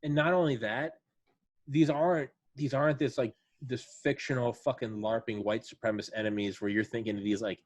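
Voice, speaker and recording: A man's voice: medium pitch, steady tone, fairly quick. A man in casual podcast chat, telling profane stories and quoting friends' voices. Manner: profane, storytelling with quoted voices.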